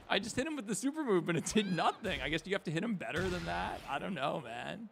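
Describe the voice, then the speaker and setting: Male streamer, gravelly voice, slightly high pitch, excitable game reactions, faint hiss behind. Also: fast talker, few pauses. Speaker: streamer playing a fighting game. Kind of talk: casual gameplay chat.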